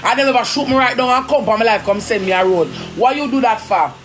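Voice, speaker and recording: A woman with a Jamaican accent, ranting indignantly in rapid patois on a live stream. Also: on the high side, a little hiss or hum. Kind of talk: heated live-stream rant.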